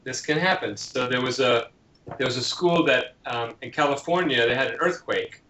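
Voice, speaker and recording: This parenting author has a mid-range voice at normal speed and answers interview questions as an animated storyteller, acting out the lines of children and parents in his examples. The audio is dull and lo-fi, in an echoey room with slight background noise.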